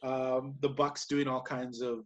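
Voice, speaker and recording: A man's voice: medium pitch, little pitch movement, unhurried, highs cut off. A man co-hosting a podcast, recapping wrestling matches in casual, rambling chat and laughing often. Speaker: podcast co-host.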